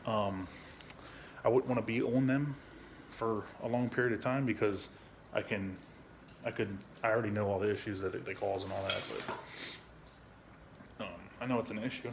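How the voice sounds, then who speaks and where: A man's voice: steady tone, normal speed, long pauses, slight background noise. A man talking bluntly in a casual, rambling vlog at home, swearing often and restarting his sentences. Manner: high baby-talk voice when speaking to his dog. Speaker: veteran vlogger.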